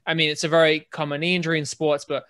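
A man's voice: fairly high pitch, little pitch movement, very fast, a bit bright. A British man co-hosting a podcast, telling stories in a rambling, chatty way with many restarts. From England. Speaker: podcast co-host. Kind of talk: casual chat.

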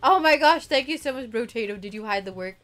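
A giggly young woman streaming games, her high voice bright and sharp as she chats and squeals. Faint music plays underneath her. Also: fast. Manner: giggly, excitable, bursts into squeals. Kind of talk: casual gaming livestream chat. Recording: music playing faintly behind.

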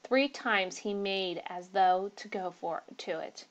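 A woman narrating a ghost story aloud, steady, with small slips and restarts. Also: mid-range voice, slow pace, dull audio.

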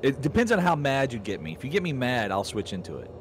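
A man's voice: medium pitch, quick pace, slight background noise. A man with a Texan drawl chatting casually over voice chat, rambling and restarting his sentences. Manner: animated, rambling, frequent stammered restarts. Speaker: gaming guest.

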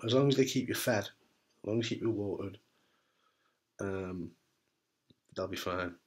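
A man's voice: on the low side, fairly bright tone. Blunt man giving frank advice. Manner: blunt, frank, swears, jokey. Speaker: testicular cancer survivor giving advice. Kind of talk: casual talk to camera.

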